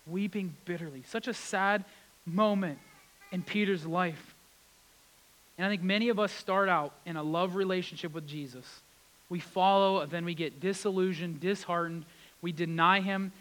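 A man with a high-pitched voice delivers a sermon. He leans on repeated words and moves from raised, urgent passages down to quiet, hushed ones. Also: low-quality recording. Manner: emphatic, repeats key words, swings between loud and hushed. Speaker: preacher.

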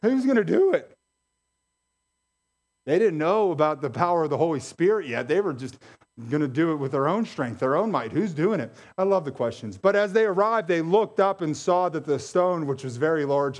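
Pastor guy preaching, kinda high voice, super animated, repeats stuff for emphasis. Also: moderate pace. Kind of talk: sermon.

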